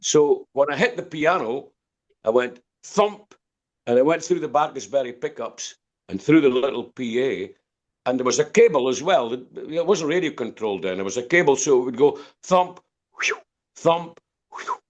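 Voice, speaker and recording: A man's voice: mid-range voice, expressive, moderate pace, lo-fi sound. Older Scottish man telling stories. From Scotland, Dundee. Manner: rambling storyteller, repeats words and restarts. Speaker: guest musician. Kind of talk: podcast interview.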